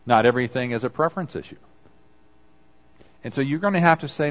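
A man's voice: medium pitch, animated, quick pace, long pauses, dull audio. A man preaching a conversational sermon, acting out quoted apologies as he goes. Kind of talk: sermon on confession.

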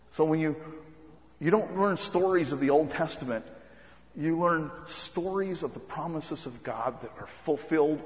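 A man preaching a sermon as pastor, earnest and halting, with frequent ums and restarts. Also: mid-range voice. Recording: muffled recording with long hall reverb.

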